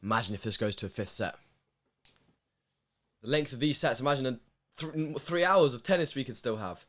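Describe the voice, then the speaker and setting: A man's voice: medium pitch, expressive, normal speed. Emotional young man doing live commentary. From United Kingdom. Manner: emotional, swings from hushed to loud bursts.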